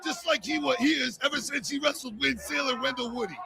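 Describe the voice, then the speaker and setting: A man doing loud, profane comic wrestling play-by-play commentary. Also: very high voice, quick pace, creaky.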